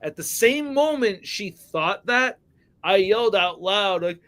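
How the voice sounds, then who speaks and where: A man's voice: high-pitched, expressive, measured pace, fairly bright tone. A man hosting a casual action-figure podcast, rambling through stories, laughing often and swearing freely. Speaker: podcast host.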